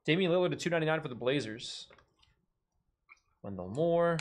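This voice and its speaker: A man's voice: on the high side, lively intonation, normal speed, slight background noise. A man hosting a live card break, rattling off card names and joking between pulls.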